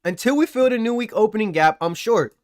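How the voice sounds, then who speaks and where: A man hosts a live trading stream, talking through the charts while ribbing his chat with slangy, boastful banter. His voice sits on the higher side for a man. The sound is dry and close, with no room echo. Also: animated, a little fast. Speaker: livestream trading host.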